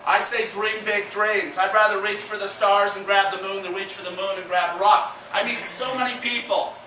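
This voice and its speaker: A man in his forties giving an energetic motivational speech as a guest speaker, often putting questions to his audience. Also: sits high, moderate pace. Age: 40s. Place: meeting room at a business group event. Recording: echoey room, mic far off, noisy.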